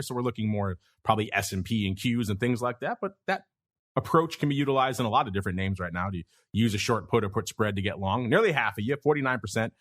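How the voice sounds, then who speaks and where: A man's voice: medium pitch, fairly bright tone. A man hosting a podcast, reading out poll results in a joking, upbeat way. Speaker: podcast host. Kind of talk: casual podcast chat.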